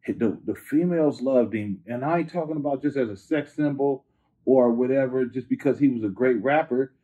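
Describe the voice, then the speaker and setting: A man from the Bay Area, a rapper telling stories in a casual, slang-filled interview, filler-heavy and animated. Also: mid-range voice, a little fast. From Bay Area, California. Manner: animated, slangy, leans on "you know". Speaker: rapper guest. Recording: phone-like lo-fi line.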